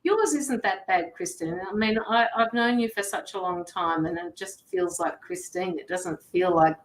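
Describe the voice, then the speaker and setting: A woman's voice: lowish voice, moderate pace. A woman hosting a live tarot and mediumship stream, chatting casually and greeting viewers by name from her studio. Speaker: tarot reader and medium, show host. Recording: roomy studio echo.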